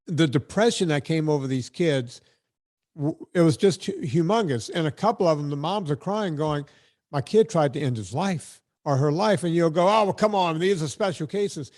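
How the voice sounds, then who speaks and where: A man hosting a podcast interview, talking in an animated, emphatic way and often repeating words as he gets going. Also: fairly high pitch. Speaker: podcast host. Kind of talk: casual conversational interview.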